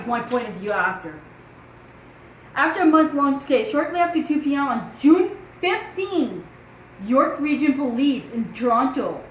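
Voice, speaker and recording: A woman's voice: sits high, roomy sound, slight background noise, rough recording. A woman with a French accent, a true crime vlogger reading news aloud and asking rhetorical questions in casual commentary.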